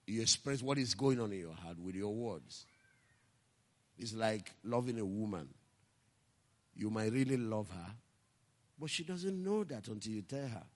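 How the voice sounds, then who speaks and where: A man's voice: lowish voice, animated, measured pace, pauses often. Preaching man in a reverberant hall. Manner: storytelling preacher, rising to impassioned shouting. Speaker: pastor. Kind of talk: sermon.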